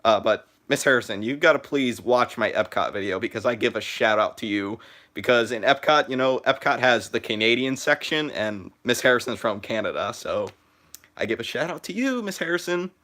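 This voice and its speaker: A teenage boy live streaming from his phone, chatting in a halting way with lots of "uh" and "like" and restarted sentences. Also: on the low side, bright, forceful tone. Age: teens. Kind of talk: rambling live stream chat.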